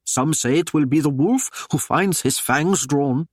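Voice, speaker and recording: A man's voice: a little high, unhurried, no room sound. A man voicing a blunt male Viking warrior who makes dry remarks. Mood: wry.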